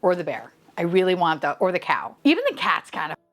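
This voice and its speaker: Giggly, excitable woman unboxing toys. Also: on the low side, brisk. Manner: excitable, gushing, swears freely, frequent giggles. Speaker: vlogger unboxing blind boxes. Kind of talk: casual unboxing chat.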